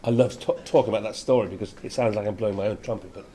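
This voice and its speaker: Older male actor, low voice, storytelling interviewee, faint hum behind. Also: fairly even intonation, very fast, warm tone. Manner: chatty storyteller, laughs often. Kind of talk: anecdotal interview.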